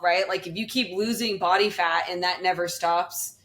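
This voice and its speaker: Young woman chatting away, lots of likes and ums, lowish voice. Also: fairly even intonation, normal speed, a bit bright. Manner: chatty, many fillers like "like" and "um". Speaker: bodybuilding competitor, guest. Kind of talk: casual podcast chat.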